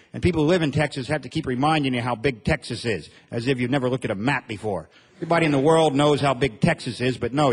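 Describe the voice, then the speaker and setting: Husky-voiced man doing stand-up comedy. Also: mid-range voice. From Montana. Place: comedy stage before an audience.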